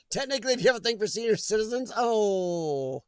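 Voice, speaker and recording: A man's voice: very high-pitched, no room sound. A man hosting a live chat stream, chatting casually and jokingly with viewers and reading their comments aloud, laughing often.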